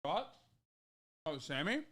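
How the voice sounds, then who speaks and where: A man's voice: fairly high pitch, sing-song, takes it slowly, a bit bright, no echo, clean studio sound. A man in his thirties streaming, giving blunt, profane, mocking commentary on videos he reacts to. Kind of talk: casual livestream commentary.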